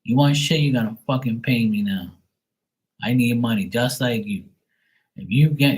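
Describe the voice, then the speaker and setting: A man's voice: medium pitch, animated, a little slow, darkish tone, low-quality recording. A man chatting casually on a live tarot stream, blunt and swearing freely. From Bermuda.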